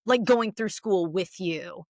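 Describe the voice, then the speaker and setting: Animated woman therapist chatting on a podcast. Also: mid-range voice, slow pace, no echo, clean studio sound. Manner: animated, expressive storyteller who acts out quotes. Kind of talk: casual podcast chat.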